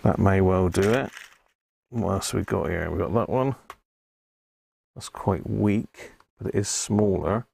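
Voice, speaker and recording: A man's voice: low voice, measured pace, vocal fry, pauses often, darkish tone, husky. A man streaming live from his workshop, chatting casually and thinking aloud while he repairs an old radio. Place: home workshop.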